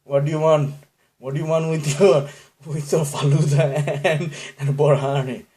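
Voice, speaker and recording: A man's voice: on the high side, fairly even intonation, measured pace, mellow, voice pushed up, natural voice. A man putting on a meek, polite Bangladeshi accent. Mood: meek, playful. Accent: Bangladeshi, put on. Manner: playful, exaggerated, deferential.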